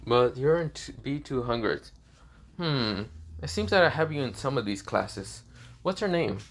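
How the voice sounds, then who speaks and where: A brisk, no-nonsense teenage girl from a kendo class, impatient with a lost newcomer, as a man puts her on. The voice stays close to the reader's own everyday speech. The style is a casual storytelling reading. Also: medium pitch, lively intonation.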